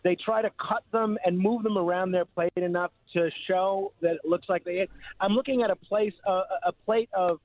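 A man's voice: high voice, fairly even intonation, normal speed, dry recording. Wry man on a tinny phone line. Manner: wry, teasing. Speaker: radio producer. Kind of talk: casual radio chat.

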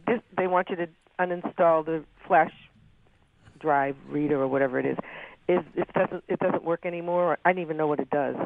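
High, gravelly male caller on the phone. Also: a little fast, no echo. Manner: agreeable, short replies. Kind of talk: call-in phone chat. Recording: tinny dry phone line.

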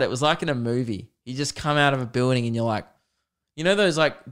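Bloke, young, smooth clear voice, animated comic storyteller, swears a lot. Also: male voice, medium pitch. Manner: animated, self-mocking, swears freely. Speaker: podcast host. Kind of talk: comedic storytelling.

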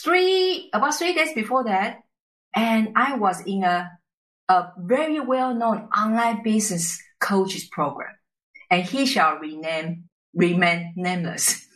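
Bright-voiced woman with a Chinese accent. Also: medium pitch, rough recording. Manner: lively, tag questions and quick restarts. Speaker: podcast guest. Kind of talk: conversational storytelling interview.

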